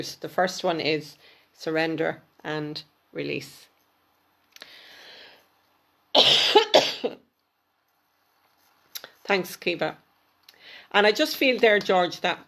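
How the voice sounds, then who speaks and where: A woman giving a live intuitive card reading, speaking to viewers by name, gently repeating words and trailing off into near-whispers. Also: lowish voice. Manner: chatty, addresses viewers by name.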